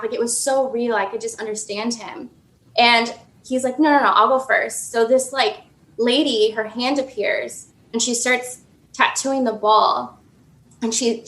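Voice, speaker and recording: A woman's voice: on the high side, measured pace. A young woman in her twenties telling a personal story as a podcast guest, chatty and full of "like". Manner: animated, filler-heavy storytelling with frequent "like". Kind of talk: casual storytelling. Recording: echoey room.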